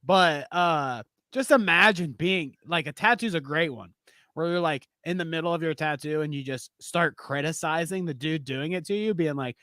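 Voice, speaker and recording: A man's voice: fairly high pitch, normal speed, bright, forceful tone, no room sound, studio quality. A man hosting a casual reaction stream, retelling a clip with laughs and acted-out quotes. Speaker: podcast host.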